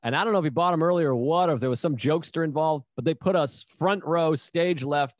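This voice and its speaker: Man, comedian host, lively storytelling, slightly high voice, dry close sound. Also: quick pace, no echo. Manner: animated storyteller, acts out quotes. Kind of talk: casual storytelling chat.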